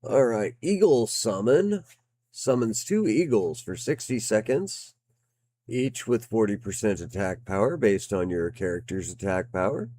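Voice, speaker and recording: A man's voice: on the low side, animated, a little slow, mellow, no room sound. A man giving casual gameplay commentary as a game reviewer. He is slightly out of breath, swears now and then and reads game text aloud. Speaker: game reviewer playing on stream.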